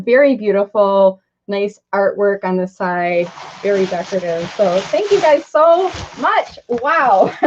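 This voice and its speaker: A middle-aged marketing consultant chats impromptu on a live video, gushing and effusive as she opens a gift box. Her voice is fairly high-pitched, and the slightly dull lo-fi audio carries slight background noise.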